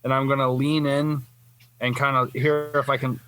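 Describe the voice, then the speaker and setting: A man's voice: medium pitch, flat delivery, normal speed, a bit bright. A man playing a tabletop game, goofy and hesitant with many fillers. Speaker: player. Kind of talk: tabletop role-play chat. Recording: noisy online call with clicks.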